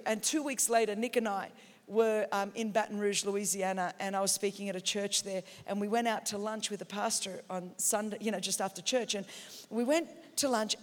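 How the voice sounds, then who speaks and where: An Australian woman preaching a sermon, telling stories with passion and breaking into shouts. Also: a little high. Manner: passionate, storytelling, bursts into shouts. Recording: long hall reverb in a big venue.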